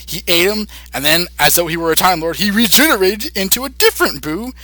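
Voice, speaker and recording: A young man hosts a podcast and retells a cartoon episode in a loose, rambling way, full of ums and restarts. His voice is bright and a touch high. The sound is dry and close. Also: lively intonation, brisk, no echo. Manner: rambling retelling with many fillers. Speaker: podcast host. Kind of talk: casual episode recap.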